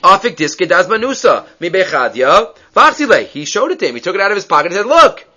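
A man teaching a Talmud lesson, telling the story in an animated way and acting out what the rabbis say to each other. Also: high voice, quick pace, muffled recording.

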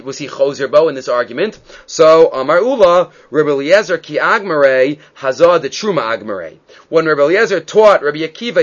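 A man teaching a Talmud class, reading Aramaic texts and explaining them in an animated, searching way. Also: fairly high pitch. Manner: animated, acts out quoted rabbis. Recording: dull lo-fi sound.

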